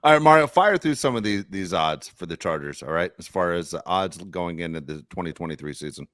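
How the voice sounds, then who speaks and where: A man's voice: deep voice, animated, a little fast, fairly bright tone, no room sound. A man co-hosting a sports podcast, giving opinions in casual conversation. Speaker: podcast co-host.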